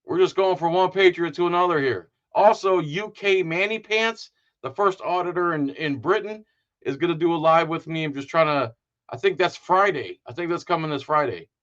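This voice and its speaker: A fairly high-pitched, slightly bright male voice comes through lo-fi sound, talking a little fast. As he closes out his live stream, the host rambles, jokes around, and leans heavily on fillers.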